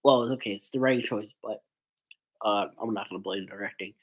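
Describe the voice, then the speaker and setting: A man's voice: on the low side, fairly quick, low-quality recording. A man with a stuffy nose from a cold, chatting in a rambling casual commentary vlog with lots of fillers. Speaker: YouTuber.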